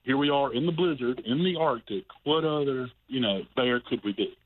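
A man's voice: medium pitch, normal speed, lightly acted. A man calling in to a radio show and voicing a patient mother polar bear in a joke, heard over a phone line.

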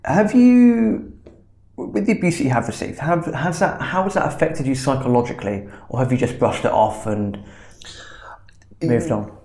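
A man's voice: mid-range voice, lively intonation, normal speed, a little mellow. A male podcast host interviewing a guest conversationally, encouraging and stumbling a little as he starts questions. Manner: encouraging, stumbling over openings. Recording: echoey room.

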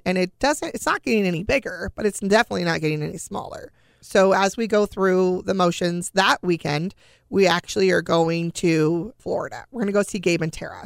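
A middle-aged woman casually telling a personal family story, animated and full of conversational fillers. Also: on the low side, vocal fry, dry recording, studio quality. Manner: animated, acts out quoted dialogue.

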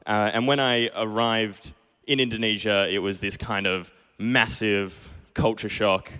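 Smooth-voiced young Australian man storytelling. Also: lowish voice, steady tone, a little slow, bright, forceful tone, long reverb tail. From Perth, Australia. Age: 20s. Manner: self-deprecating, acts out his own past lines. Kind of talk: live stage storytelling. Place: small pub stage.

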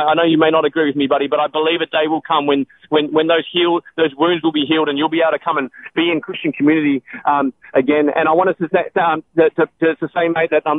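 A quick-talking man speaks earnestly on a call-in radio show, often stopping and restarting his thoughts. The sound is narrow and phone-like, with a faint hiss behind him. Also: on the high side. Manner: earnest, halting, many restarts. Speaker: radio guest answering callers.

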